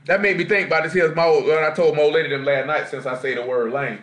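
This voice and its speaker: Preaching fast in a voice on the high side, fairly even in intonation and a bit bright, this man gives a slangy street-talk sermon with a Jacksonville, Florida Southern accent, often questioning the congregation. The live stream was recorded in an echoey church assembly room.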